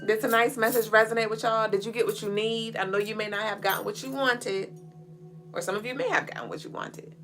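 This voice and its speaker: A woman's voice: mid-range voice, steady tone, a little fast, a bit bright, faint music behind. A woman hosting a casual livestream, reading viewer comments and laughing often. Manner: playful, laughs often, sings along and leads the chat. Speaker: livestream co-host.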